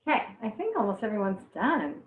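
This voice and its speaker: A fast-talking young woman with a medium-pitched voice and huge pitch swings teaches a live online cooking class, chatting, laughing and exclaiming often as onions make her teary. Background noise is present, and the audio sounds echoey, distant and phone-like.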